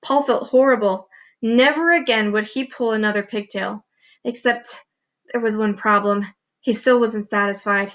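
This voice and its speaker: A woman teacher narrating a children's book aloud with clear, expressive reading. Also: medium pitch, normal speed, low-quality recording. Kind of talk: storybook read-aloud narration.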